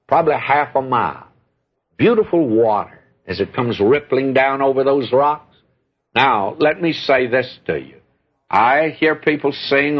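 A husky male preacher delivers a sermon in a folksy storytelling way. His pitch climbs and drops as he leans into a point, then settles back into easy talk. The recording sounds dull and lo-fi.

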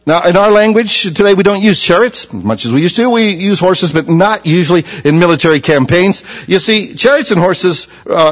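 A man preaching a sermon, emphatic, repeating key phrases and dropping to a hushed, low voice for stress. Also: highs cut off. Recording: long hall reverb.

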